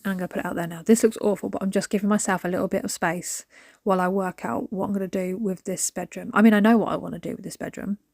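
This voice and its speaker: A woman talks casually while she tidies her home, rambling from one thought to the next. She often drops to a soft whisper mid-sentence. Her voice sits at a middle pitch and the sound is dry and close. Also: no room sound. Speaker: vlogger. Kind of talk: casual chat while decluttering.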